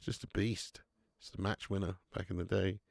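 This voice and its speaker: A man with a gravelly, creaky voice, talking casually through a live football match for his viewers. He banters with viewers and swears freely, close to a dry microphone with no room sound. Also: low voice, little pitch movement, moderate pace, no echo. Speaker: watch-along host. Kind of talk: live football watch-along commentary and chat reading.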